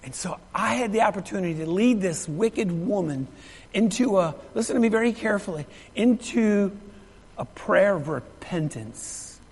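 A man's voice: high-pitched, animated, moderate pace, breathy edge. A middle-aged male pastor telling a story in a sermon, emphatic and repeating his phrases while asking the congregation questions. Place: church sanctuary. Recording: long reverb of a large hall.

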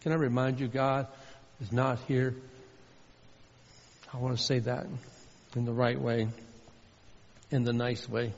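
A man preaching a sermon with earnest emphasis, swinging between loud stressed lines and soft low asides. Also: little pitch movement, unhurried, pauses often. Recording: muffled sound with long hall reverb.

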